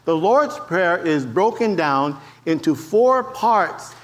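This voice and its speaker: A man with a high, light voice preaches to a church congregation. He is an animated storyteller who slips into the voices of the people in his stories. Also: slow pace. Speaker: pastor. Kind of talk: sermon with storytelling.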